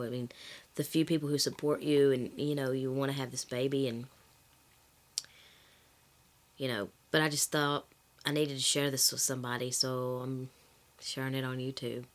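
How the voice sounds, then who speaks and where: A female vlogger talks candidly to camera in a personal vlog, rambling and correcting herself as she goes. Her voice is extremely low-pitched, and she coughs slightly and clears her throat.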